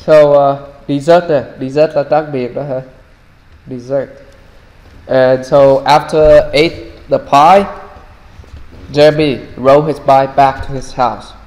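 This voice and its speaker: A man with a Vietnamese accent explaining a storybook in halting, simple English full of fillers. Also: medium pitch, fairly even intonation, darkish tone, in a large hall. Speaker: English teacher.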